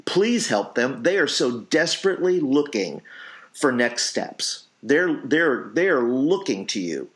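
A man's voice: mid-range voice, very animated, slow, fairly bright tone. A man in his late forties hosting a casual podcast conversation, talking earnestly with many restarts. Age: 40s. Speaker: podcast host, youth pastor.

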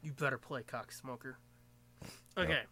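A young man co-hosting a casual movie commentary, excitable and profane, breaking into silly exaggerated voices. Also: mid-range voice, moderate pace, vocal fry. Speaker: podcast co-host.

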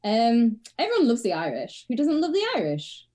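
An English woman co-hosting a comedy podcast, relaxed and chatty. She talks in a frank, wry manner with plenty of swearing and easy laughs. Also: a little high, normal speed. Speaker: podcast co-host. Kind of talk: casual comedic chat.

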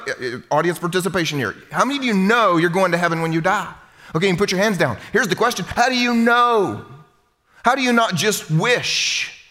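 A man preaches in a church sanctuary with a high, carrying voice. He is animated and keeps putting questions straight to his congregation. A long reverb hangs on every phrase. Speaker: pastor. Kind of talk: sermon.

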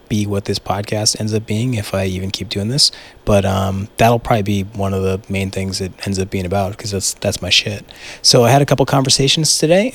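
Young male solo podcaster, low-ish voice, casual and excitable, lots of swearing and false starts. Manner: rambling, excitable, swears freely, many restarts. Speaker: podcast host.

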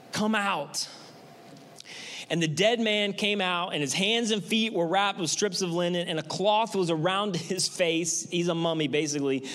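A man's voice: on the high side, fairly bright tone, slight background noise. A male pastor preaching a sermon in a conversational, emphatic way with frequent repetition.

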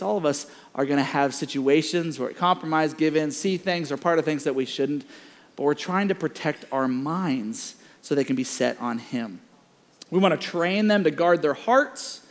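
Man, pastor, high voice, animated sermon storytelling. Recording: reverberant hall.

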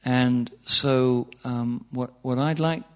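A man's voice: mid-range voice, fairly even intonation, slow pace, smooth. A man giving an informal, humorous talk on meditation to an audience, full of asides and "you know"s, his voice jumping up for emphasis. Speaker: meditation teacher.

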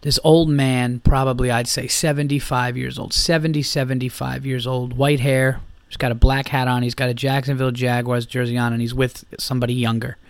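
A man's voice: medium pitch, level tone, brisk, few pauses, clean tone, no echo. Profane, rambling male podcast host. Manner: profane, rambling, lots of fillers and restarts. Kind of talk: casual storytelling.

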